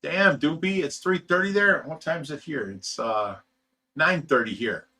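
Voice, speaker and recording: A man's voice: a little high, moderate pace, bright, forceful tone. Laid-back man hosting a casual livestream. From United States. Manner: laid-back, chuckles often, trails off with "you know". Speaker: livestream host reading chat. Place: fish rescue facility.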